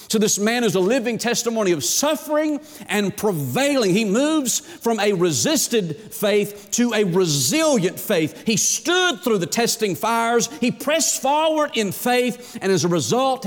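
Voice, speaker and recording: A man with a high voice preaches a sermon, pushing his lines up hard and then dropping them low. His voice rings out through a long hall reverb in a church sanctuary. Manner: preaching with emphatic, rising and falling delivery. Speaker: pastor.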